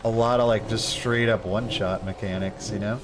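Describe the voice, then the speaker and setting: A man's voice: fairly low pitch, steady tone, a little fast, noisy background. A young man streaming a game, chatting casually in a laid-back, rambling way full of slang. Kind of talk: casual gameplay chat.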